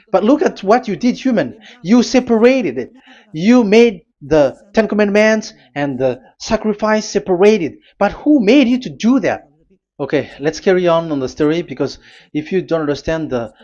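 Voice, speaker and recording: A man's voice: high-pitched, darkish tone. Emphatic male preacher. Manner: emphatic, rhetorical questions, frequent fillers. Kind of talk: sermon with scripture reading. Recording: slightly dull lo-fi audio.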